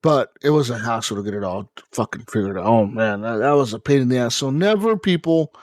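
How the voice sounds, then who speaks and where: A man co-hosting a gaming podcast, ranting in a casual, profane and animated way. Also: lowish voice, quick pace, dry recording. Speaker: podcast co-host. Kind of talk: casual chat.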